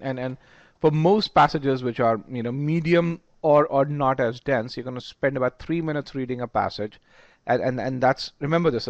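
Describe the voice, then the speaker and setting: A man's voice: mid-range voice, no room sound, highs cut off. Man lecturing emphatically in a webinar. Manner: emphatic, repeats words while thinking. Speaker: test prep instructor.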